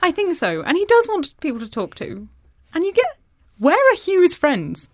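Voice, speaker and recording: A woman, a guest author, retelling a novel in a wry, expressive way during a casual book chat. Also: very high-pitched, moderate pace, no room sound, studio quality.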